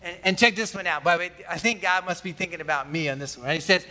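A man preaching a sermon with a high, bright, forceful voice. He keeps it conversational, tossing questions out to the congregation. A long reverb from a big hall trails every phrase. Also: quick pace. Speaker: pastor.

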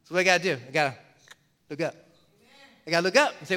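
A man's voice: a little high, fast talker, sharp tone. A man preaching a sermon to his congregation, emphatic and repetitive, addressing the listeners directly. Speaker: pastor.

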